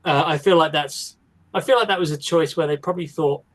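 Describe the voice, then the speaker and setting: A man's voice: on the high side, fairly quick, a bit bright. A man co-hosting a casual film discussion, rambling with many restarts and fillers. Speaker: podcast co-host.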